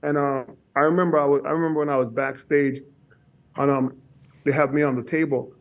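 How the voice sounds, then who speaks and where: A man guest telling a story on a casual podcast, halting and often repeating his words. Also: mid-range voice, little pitch movement. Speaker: guest bodybuilder.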